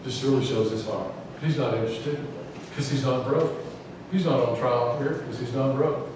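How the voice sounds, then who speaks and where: A man's voice: medium pitch, fairly even intonation, moderate pace. A man preaching a casual, folksy sermon in a church and asking the congregation questions. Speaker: pastor. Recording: echoey church from far off, background noise.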